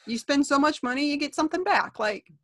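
A woman's voice: high-pitched, lively intonation, fast. A woman who works at a movie theater, talking bluntly in a casual chat. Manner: blunt, exasperated about customers.

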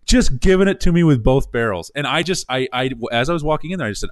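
A man casually telling the story of buying a business, animated, acting out quoted dialogue with restarts. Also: fairly high pitch, fast, hardly any pauses, no room sound. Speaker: small business owner telling his story.

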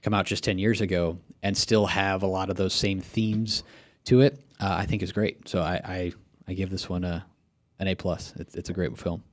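A man's voice: deep voice, fairly even intonation, moderate pace, dry recording. A man co-hosting a casual film podcast, speaking thoughtfully and hesitantly with many fillers. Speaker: podcast co-host.

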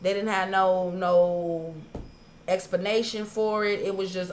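A woman trades stories on a podcast in loose, profane casual talk. She is animated and throws herself into replaying old arguments, her voice mid-pitched. A faint hiss sits under the recording. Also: unhurried. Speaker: podcast co-host. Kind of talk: casual storytelling chat.

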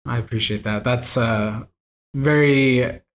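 A man's voice: medium pitch, takes it slowly. A man from the United States chatting on a podcast, rambling and self-deprecating, with frequent laughs. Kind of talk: casual podcast chat.

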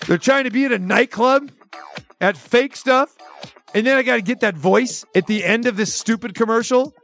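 A man's voice: very high-pitched, normal speed, fairly bright tone, faint music behind. A man hosting sports radio, ranting with sarcasm and exasperation, firing off rhetorical questions. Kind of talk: opinionated sports talk rant.

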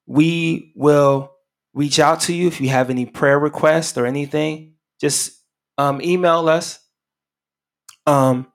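Man praying on a live radio broadcast. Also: mid-range voice. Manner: repetitive prayer cadence, many fillers. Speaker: radio preacher. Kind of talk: sermon closing and prayer.

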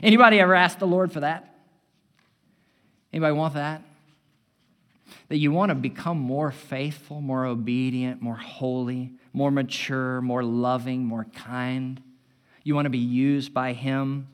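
A man preaching a sermon as pastor, building loud and emphatic and then dropping to a hushed tone. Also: medium pitch, steady tone, a little slow. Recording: long hall reverb.

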